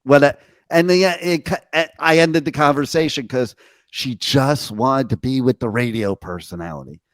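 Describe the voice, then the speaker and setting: A man's voice: medium pitch, a little slow, dry recording. A middle-aged man, a radio host, telling brash stories and swearing freely in a casual interview.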